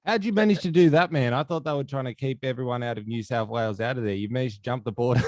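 A man's voice: mid-range voice, fast, dry recording. A man hosting a casual interview, joking and laughing often. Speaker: host.

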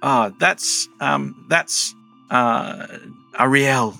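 A man's voice: medium pitch, extremely slow, vocal fry, sharp tone, soft background music, voice pushed up, exaggerated voice. A man with an Australian accent voicing a cheerful, chatty shop clerk in a game.

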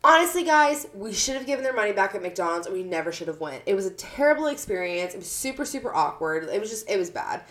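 Woman, podcast host, blunt, swears a lot, animated storyteller, casual chat. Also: mid-range voice, quick pace, few pauses. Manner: blunt, profane, animated retelling.

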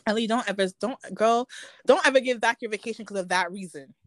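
A woman's voice: fairly high pitch, fast talker, no echo. A young woman in casual conversation, telling candid, emotional stories and acting out what people said. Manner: candid, emotional storytelling with quoted dialogue. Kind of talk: casual chat.

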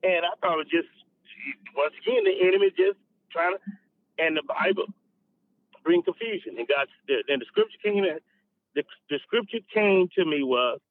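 Pastor guy telling his testimony, kinda high voice, repeats himself a lot, thin phone-ish sound, dry. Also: normal speed, dry recording, narrow, tinny audio. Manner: animated, repeats and restarts words. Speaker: associate pastor. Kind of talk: personal testimony storytelling.

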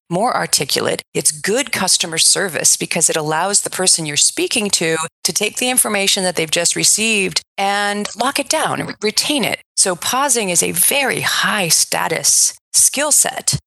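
A woman coaching on communication, explaining clearly and emphatically in an interview. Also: on the low side, bright, forceful tone, no room sound. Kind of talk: expert interview answers.

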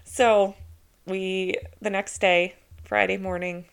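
A woman hosting her own podcast, telling a personal story in a chatty, excitable way with lots of casual fillers. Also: medium pitch, slow pace, creaky, smooth. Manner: introverted by her own account. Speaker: podcast host.

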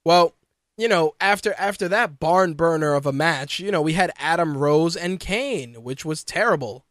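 A man co-hosting a casual wrestling podcast, talking in an animated, profane way and mocking what he quotes. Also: a little high, moderate pace, dry recording, studio quality. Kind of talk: casual chat.

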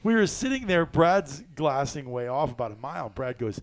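A man's voice: on the high side, moderate pace, slight background noise. A man hosting a hunting chat, telling stories with lots of laughs and quoted voices. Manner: excited storyteller, laughs often, acts out quotes. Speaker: hunting podcast host. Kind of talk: casual storytelling chat.

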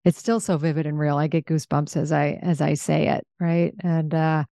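A woman's voice: low-pitched, flat delivery, normal speed, vocal fry, dark tone, no room sound, studio quality. A woman hosting a podcast, reflecting in casual conversation on a personal experience. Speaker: podcast host. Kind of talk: casual interview talk.

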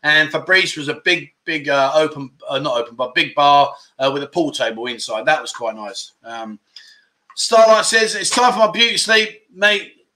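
Bright-voiced man, rambling. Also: on the high side, moderate pace. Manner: rambling, jokey, loses his train of thought. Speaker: livestream host. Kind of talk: casual livestream chat, reading viewer comments.

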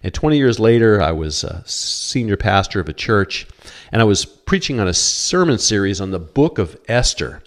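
A man's voice: lowish voice, sing-song, moderate pace. A middle-aged man preaching a sermon as a pastor, earnest and quoting scripture, often stammering on repeated words. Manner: cites scripture verses.

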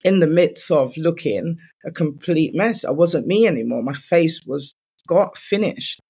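A woman's voice: low voice, lively intonation, measured pace, warm tone, slightly rough. A woman, a guest in an interview, candidly retelling her own story in loose speech full of "like" fillers.

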